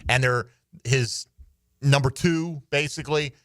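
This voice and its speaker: A man's voice: mid-range voice, measured pace, no room sound, studio quality. A middle-aged man hosting a sports radio show, chatting casually and joking with his co-hosts. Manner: animated, jokey, laughs often. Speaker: radio host. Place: radio studio.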